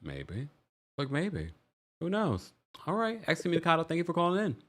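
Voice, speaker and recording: An American man hosting a call-in show, his pitch swinging up and down as he chats. He talks in an animated, easygoing way and laughs often. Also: normal speed. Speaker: podcast host taking callers. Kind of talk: casual call-in show chat.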